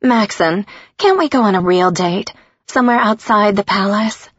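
A woman's voice: mid-range voice, normal speed, husky, no room sound, voice pushed up, natural voice. Woman playing a lovestruck, pleading young woman. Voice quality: whiny, earnest. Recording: dull lo-fi recording.

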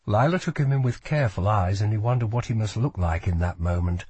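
A man narrating a fantasy audiobook with slow, expressive storytelling. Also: lowish voice, husky, dry recording. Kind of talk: scripted narration.

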